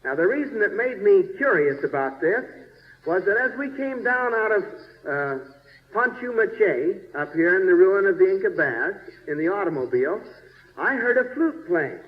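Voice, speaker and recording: Folksy high-voiced man narrating slides. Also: sing-song, moderate pace. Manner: folksy, chatty, checks in with listeners; gropes for place names. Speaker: bishop narrating a slide show. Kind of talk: casual slide-show narration. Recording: dull 1970s recording with long reverb.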